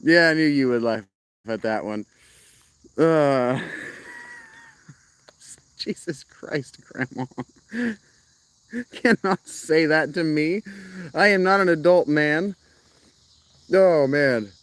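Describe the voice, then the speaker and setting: A man's voice: a little high, expressive, takes it slowly, long pauses, fairly bright tone, clean tone, no echo. A man chatting casually to his live-stream viewers, rambling, restarting sentences and laughing often. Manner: rambling, self-interrupting, laughs a lot. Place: outdoors, rural, crickets.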